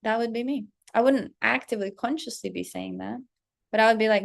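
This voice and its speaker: Profane, animated woman with vocal fry. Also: on the high side, fairly quick. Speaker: self-development vlogger. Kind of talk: casual storytelling vlog.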